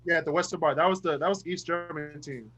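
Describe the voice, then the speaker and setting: A man's voice: a little high, fast, a bit bright, muffled recording, faint music behind. A man co-hosting a casual sports chat, laughing often and acting out film quotes. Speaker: podcast co-host.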